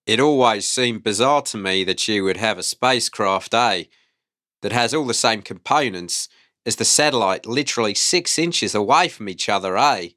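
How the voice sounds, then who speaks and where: A man's voice: lowish voice, animated, moderate pace, pushed and bright, voice pushed down. A man putting on a New Zealand accent to voice a rocket company boss quoted in a podcast. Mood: mock serious. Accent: New Zealand (put on). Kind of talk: mock impression in podcast banter.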